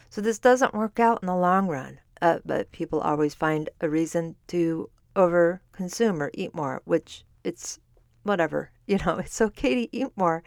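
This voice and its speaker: A woman's voice: on the low side, gravelly, no echo, studio quality. A woman hosting a podcast as a fitness and nutrition coach, explaining in a conversational way and correcting herself as she goes. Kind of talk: solo podcast talk. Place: standing while recording.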